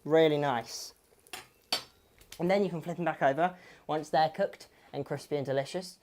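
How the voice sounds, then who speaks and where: A woman's voice: sits low, fairly even intonation, moderate pace, a little mellow, slight background noise. A woman hosting a home cooking demonstration, chatty and friendly, slipping in corny jokes. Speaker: cooking show host.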